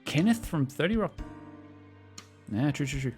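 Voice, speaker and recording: A man's voice: fairly high pitch, expressive, normal speed. A young man casually commenting while streaming a visual novel, chatty and joking. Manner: jokey, chatty, laughing often. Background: music.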